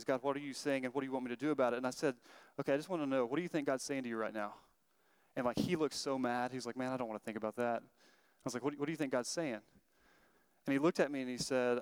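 A man's voice: medium pitch, smooth, no echo. A man in his thirties preaching a sermon, telling personal stories in an earnest, conversational way that is full of restarts. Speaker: pastor.

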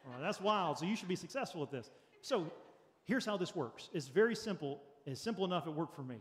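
Earnest pastor in a reverberant church. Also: male voice, fairly high pitch, expressive, a little fast. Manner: earnest, practical, lightly joking with congregation. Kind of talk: sermon. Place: church sanctuary.

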